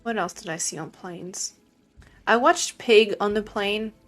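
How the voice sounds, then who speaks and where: A woman's voice: medium pitch, unhurried, soft background music. A young woman streaming a game, chatting casually and sleepily with her chat, rambling with many fillers.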